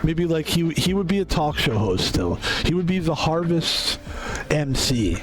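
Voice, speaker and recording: Brief: casual male gamer, slightly higher voice, rambling, joking and swearing over gameplay. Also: very animated, a little slow. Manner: loose, joking, swears a lot. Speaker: streamer.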